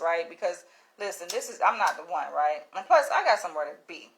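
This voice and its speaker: A woman vlogging, telling a story in a casual, animated way, swearing freely, laughing and acting out what others said. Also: lowish voice, a little fast, creaky. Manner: animated, profane, laughs often, acts out quotes.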